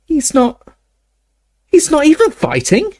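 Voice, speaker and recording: Guy putting on a high-pitched bossy schoolgirl witch, pushy and quick. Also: huge pitch swings, darkish tone, heavily acted. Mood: outraged. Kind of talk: audiobook character reading.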